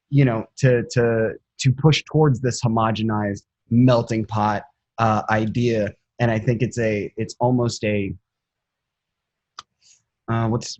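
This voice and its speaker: A man with a low voice talks on a podcast in a dry, close recording. He is halting and full of restarts, stopping to search for the right words as he builds his point. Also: darkish tone, no room sound, lo-fi sound. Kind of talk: casual podcast chat.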